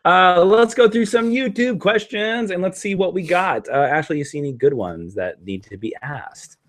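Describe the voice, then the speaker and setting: A man's voice: high-pitched, expressive, normal speed. A man hosting a casual live stream, chatting loosely and hesitantly with lots of ums. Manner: rambling, hesitant, with many ums.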